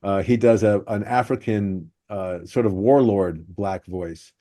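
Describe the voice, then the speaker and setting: A man's voice: fairly low pitch, measured pace, mellow, no echo, studio quality. A man hosting a podcast, breaking down how jokes are built. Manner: analytical, explaining joke structure. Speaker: podcast host. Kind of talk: podcast discussion.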